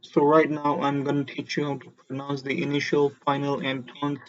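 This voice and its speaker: A man teaching a beginner Mandarin lesson, explaining slowly and deliberately and having learners repeat syllables after him. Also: mid-range voice, completely flat delivery, lo-fi sound. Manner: slow, deliberate explanations with demonstrated tones.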